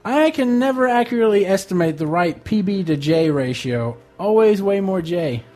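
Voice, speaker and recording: Host, male, higher voice, throws out odd questions, faint music bed. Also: animated, moderate pace, a little mellow. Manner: asks offbeat questions, laughs often. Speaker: podcast host asking questions. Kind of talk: casual chat.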